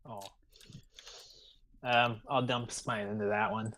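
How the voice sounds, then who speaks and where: A man's voice: on the low side, steady tone, pushed and bright, slight background noise. A man playing a tabletop game, thinking aloud and hesitating as he decides his character's moves. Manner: slow, hesitant, thinking aloud through turns. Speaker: player.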